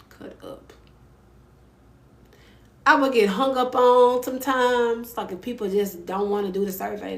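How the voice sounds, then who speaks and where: A woman hosting a casual livestream chat in a playful, chatty way, laughing often and squealing high when excited. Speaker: livestream host. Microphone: phone mic. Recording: roomy with faint ambient noise.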